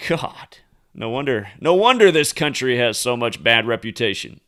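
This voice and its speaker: A man's voice: mid-range voice, big pitch swings, moderate pace, sharp tone, clean tone. A man hosting a commentary monologue, talking heatedly with profanity and frequent restarts. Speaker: host.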